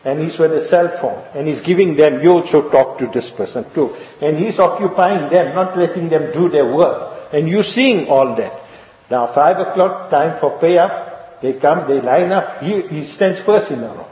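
A man with a somewhat high voice delivers a sermon, full of stories and rhetorical questions. His words ring through a long, echoey hall. The recording sounds dull and lo-fi. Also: normal speed. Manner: rhetorical questions and repetition, storytelling. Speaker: preacher.

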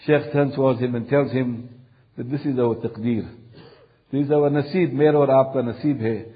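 A man's voice: medium pitch, fairly even intonation, moderate pace, muffled recording. A male preacher telling a long religious story in a sermon, solemn, repeating phrases for emphasis.

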